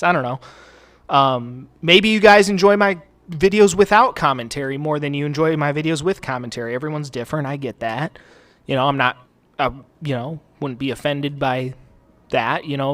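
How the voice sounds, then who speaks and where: A man's voice: mid-range voice, fairly bright tone. A man hosting a gaming channel, talking casually over gameplay in a rambling, profane, self-deprecating way with many fillers. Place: home recording space.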